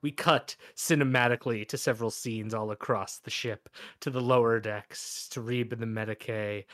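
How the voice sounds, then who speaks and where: A man runs a tabletop role-playing game as game master, describing scenes in a loose, hesitant way with frequent restarts. His voice sits at a middle pitch. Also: fairly even intonation, normal speed, a bit bright, no room sound, studio quality.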